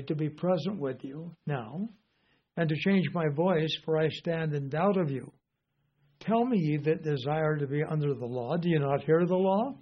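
Older man giving a folksy, rambling sermon. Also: fairly high pitch. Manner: rambling, folksy, many fillers. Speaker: Bible teacher. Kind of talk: informal sermon. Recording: dull lo-fi recording.

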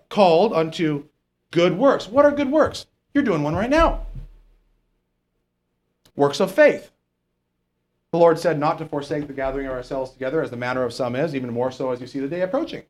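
A man preaching a sermon in church, lively and asking the congregation questions with frequent "okay?" checks. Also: on the high side. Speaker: pastor.

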